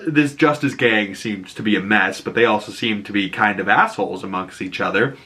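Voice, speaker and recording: A man's voice: on the low side, pushed and bright. A man with a Boston accent casually recapping a TV episode, rambling and often laughing. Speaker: TV recap YouTuber.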